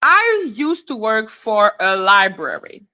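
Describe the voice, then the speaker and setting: A woman hosting a casual livestream chat, animated and casual, checking in with viewers with "okay?", laughing often and swearing casually. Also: fairly high pitch, slow. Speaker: livestream host.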